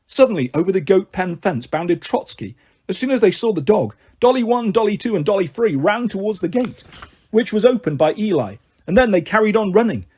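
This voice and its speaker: Guy reading a kids book out loud, bouncy high voice, a bit breathy. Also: a little fast. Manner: lively, acts out every character with shifting voices. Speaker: storyteller. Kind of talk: audiobook reading of a children's novel.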